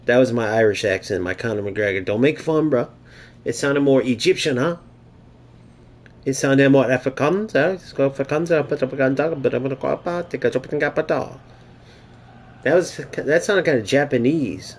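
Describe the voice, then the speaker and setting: A man's voice: medium pitch, normal speed. Young man trash-talking over a game. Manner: casual, profane trash talk to his opponent. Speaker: gaming streamer. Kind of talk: live gameplay commentary.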